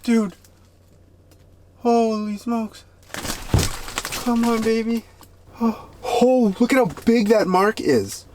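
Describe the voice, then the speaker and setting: A man talking casually to camera while ice fishing on a frozen lake, breaking into excited exclamations. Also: very high voice, measured pace, background noise. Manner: excitable, bursts into loud exclamations. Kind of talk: casual outdoor vlog commentary.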